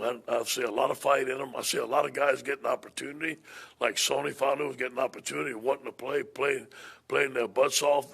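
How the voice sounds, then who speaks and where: A man with a gravelly, husky voice speaks as a head football coach at a press conference. He is plain-spoken, repeating and restarting his words as he goes. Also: mid-range voice, fairly bright tone.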